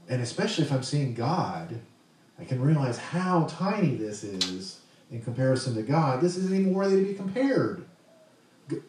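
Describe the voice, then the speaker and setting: A man's voice: medium pitch, big pitch swings, moderate pace, a little mellow, heavy reverb, far from the mic, low-quality recording. A man preaching a sermon in a conversational way, asking the congregation questions as he goes. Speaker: pastor.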